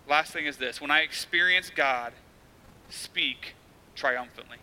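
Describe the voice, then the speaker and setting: A man in his thirties delivers a sermon as a pastor, slipping into quoted voices as he tells stories. His voice sits high and rings very bright. The manner is relaxed and conversational rather than formal. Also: a little slow, slight background noise, poor audio. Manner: conversational storytelling preaching with acted quotes.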